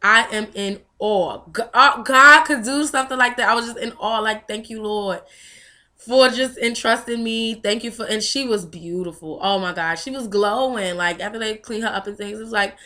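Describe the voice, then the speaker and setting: A young woman speaks straight to her viewers in a candid, emotional vlog. Her voice is bright and clear, set at an average pitch. She tells her story at length, full of "you know" and little restarts. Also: a little fast, few pauses. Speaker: vlogger. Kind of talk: personal testimony vlog.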